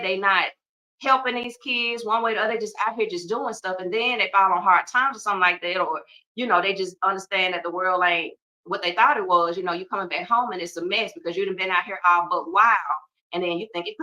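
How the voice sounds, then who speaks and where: A woman's voice: medium pitch, pushed and bright, distant mic, poor audio. A middle-aged woman hosting a podcast, talking casually and emphatically with joking asides. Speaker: podcast host. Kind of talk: casual heartfelt talk.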